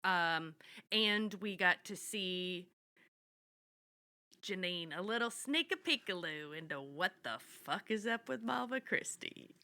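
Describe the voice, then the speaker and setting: A woman's voice: fairly low pitch, expressive, slow, pushed and bright. A woman co-hosting a podcast, recapping a TV episode in a candid, playful way. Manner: candid, playful, swears casually. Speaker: podcast co-host. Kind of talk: casual chat recapping a TV episode.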